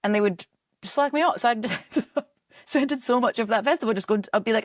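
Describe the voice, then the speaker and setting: A woman's voice: fairly high pitch, fairly quick, no room sound, clean studio sound. A young Scottish woman chatting casually on a podcast as a guest, laughing often and filling her talk with "like". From Scotland. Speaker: comedy director and promoter, guest.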